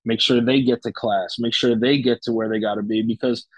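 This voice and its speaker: A man's voice: mid-range voice, steady tone, a little fast, no room sound, rough recording. A young man telling a personal story in casual chat, with loose, profane talk full of fillers and restarts. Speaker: guest.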